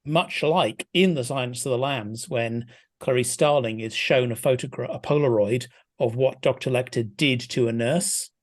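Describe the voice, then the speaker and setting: A film scholar, appearing as a guest on a casual podcast, discusses a film in a relaxed conversation. His voice is at an ordinary middle pitch and normal speed. Thoughtful and hesitant, he thinks aloud, restarts his sentences often, and builds his point gradually.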